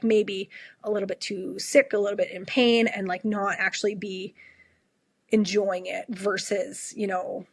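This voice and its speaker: A woman's voice: medium pitch, creaky, husky, no room sound. A woman from Canada, an emergency room nurse, telling stories in a casual conversation, chatty with lots of fillers and frequent laughs. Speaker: ER nurse guest.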